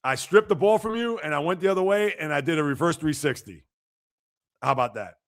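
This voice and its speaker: A man's voice: a little high, animated, brisk, a bit bright. A man hosting a sports livestream, chatting casually and teasing viewers as he reads and answers their comments. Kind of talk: casual live-chat banter.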